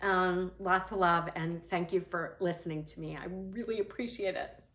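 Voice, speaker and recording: A woman's voice: on the low side, fairly even intonation, moderate pace, fairly bright tone, reverberant. A woman, a mom and health coach, talking earnestly to her viewers in a casual, rambling way, with lots of fillers and restarts. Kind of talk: casual talk to camera.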